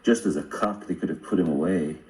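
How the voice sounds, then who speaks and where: A man with a very deep, mellow voice chats casually, joking and laughing partway through his sentences. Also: brisk, a little hiss or hum. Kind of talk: casual political chat.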